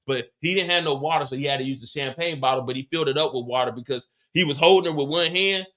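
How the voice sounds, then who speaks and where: A man hosting a live after-show, recapping an episode in an animated, slangy way with lots of restarts and repeats. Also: fairly high pitch, quick pace. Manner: profane, slangy storytelling.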